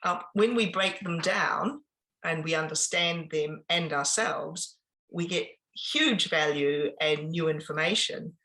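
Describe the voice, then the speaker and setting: A woman giving an informal business presentation, chatty and pausing often with ums and restarts. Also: sits low, sharp tone, low-quality recording. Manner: conversational, with frequent ums and restarts.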